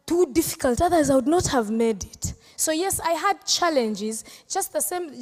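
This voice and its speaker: A woman's voice: sits high, big-room sound. A Ugandan woman comedian answering audience questions on stage, playful and teasing, laughing often. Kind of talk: live Q&A on stage.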